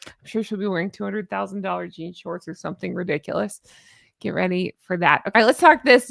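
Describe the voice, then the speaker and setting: A woman's voice: medium pitch, fairly bright tone, no room sound, studio quality. A woman giving casual, sarcastic reaction commentary in a chatty vlog, laughing often. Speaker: commentary vlogger.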